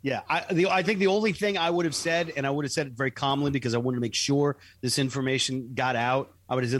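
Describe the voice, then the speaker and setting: A man's voice: medium pitch, fairly even intonation, fast talker, few pauses, a bit bright, no echo. A man co-hosting a casual show, joking and acting out what he would have said. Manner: joking, acts out imagined quotes. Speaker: co-host. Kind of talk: casual radio show banter.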